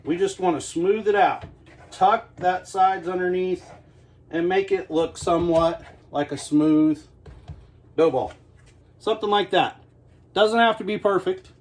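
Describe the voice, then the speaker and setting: A man's voice: sits high, a little slow, pauses often. Folksy man joking through a cooking demo. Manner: joking, folksy, self-mocking. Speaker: homestead cooking host. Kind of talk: casual cooking demonstration. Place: home kitchen.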